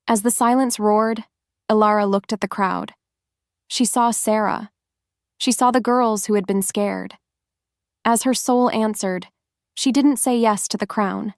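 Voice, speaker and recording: A woman narrating a romance audiobook in an even, steady storytelling manner. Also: medium pitch, measured pace, long pauses, no room sound, clean studio sound.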